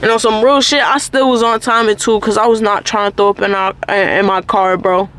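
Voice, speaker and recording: A woman's voice: medium pitch, steady tone, brisk, a bit bright. A woman hosting her own channel, telling a story-time tale in casual, profane slang packed with "like" fillers. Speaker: channel host.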